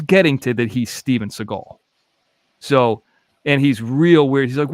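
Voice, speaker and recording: A man's voice: mid-range voice, normal speed, no echo. Man, thirties, podcast host, casual storytelling, profane, voices the other guy on the phone, dry close mic. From Los Angeles area. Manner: profane, animated, acts out both sides of phone calls.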